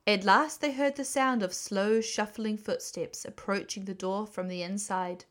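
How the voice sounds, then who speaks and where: A woman reading a classic children's book aloud, gentle and expressive. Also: medium pitch, unhurried. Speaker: storyteller.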